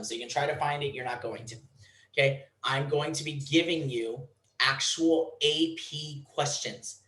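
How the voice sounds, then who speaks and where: A man's voice: fairly high pitch, a bit bright, echoey room, low-quality recording. A man teaching a programming class, blunt and teasing, in a classroom. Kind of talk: classroom lecture.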